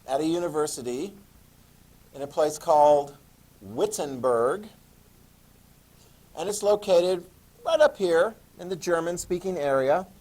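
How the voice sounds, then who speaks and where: Animated man teaching history. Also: a little high. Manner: animated, playful, acts out quotes. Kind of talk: classroom lecture. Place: classroom.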